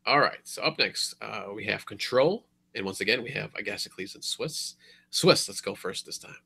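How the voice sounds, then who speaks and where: A man with a low, gravelly and husky voice running a podcast discussion. He moves things along briskly, calling on each co-host in turn. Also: expressive, pushed and bright. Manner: brisk moderating, passing turns. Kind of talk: casual chat.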